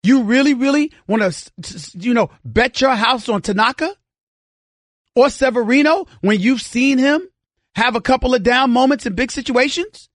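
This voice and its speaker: A man's voice: very high-pitched, expressive, moderate pace, dry recording, clean studio sound. A middle-aged man hosting a sports radio show, ranting heatedly with lots of repeated words while nursing a strained voice. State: straining an irritated voice after vocal cord surgery. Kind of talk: opinionated sports talk monologue. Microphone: studio mic.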